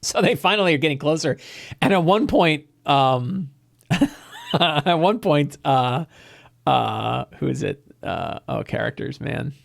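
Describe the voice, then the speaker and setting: A man's voice: a little high, animated, takes it slowly, gravelly. A man, the host and game master, casually retelling a tabletop session with laughter and frequent restarts. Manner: rambling, laughing, many fillers and restarts.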